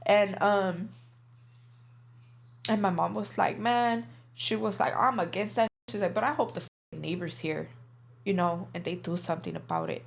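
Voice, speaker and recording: A woman's voice: medium pitch, lively intonation, normal speed. A young woman guest recounting her life in a casual interview, candid and profane, with plenty of filler words.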